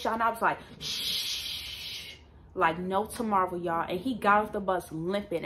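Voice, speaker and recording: A woman's voice: medium pitch, slight background noise. Emphatic young woman telling a story. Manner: emphatic, animated storytelling, often addressing viewers directly. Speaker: vlogger telling a personal story. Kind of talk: casual storytime to camera. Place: at home with a dog nearby.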